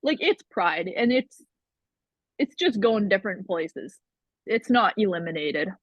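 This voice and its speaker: A woman's voice: mid-range voice, animated, a little slow, no echo. A woman in her twenties from Canada, a guest talking frankly and at length in an interview, swearing freely. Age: 20s. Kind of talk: candid conversational interview. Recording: slightly muffled lo-fi sound.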